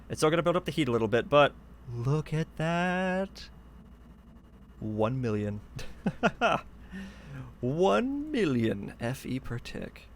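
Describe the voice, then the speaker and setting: A man's voice: fairly low pitch, gravelly, fairly bright tone, a little hiss or hum. A man streaming a game live, talking through what he builds in a chatty, eager way from a hot room at home on a desk microphone. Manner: chatty, eager, thinks aloud while building. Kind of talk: live gameplay commentary.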